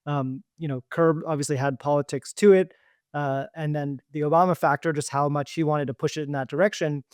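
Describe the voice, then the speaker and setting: A man's voice: fairly high pitch, steady tone, brisk, darkish tone, no room sound. Dry-sounding male podcast host. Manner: thoughtful, hedging with fillers. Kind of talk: interview questions.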